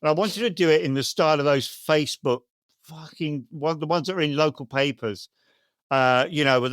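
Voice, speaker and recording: High-voiced mocking English man. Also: animated, moderate pace, fairly bright tone, no echo, clean studio sound. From England. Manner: mocking, rambling banter. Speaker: podcast co-host. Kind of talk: comedy podcast chat.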